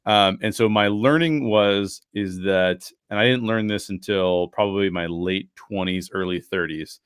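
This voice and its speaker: A man's voice: deep voice, measured pace, clear, resonant tone, no room sound, clean studio sound. A man chatting as a guest on an interview podcast, telling a personal story with lots of restarts and acting out what others said. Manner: animated storyteller, acts out quoted dialogue; many fillers and restarts, frequent laughs.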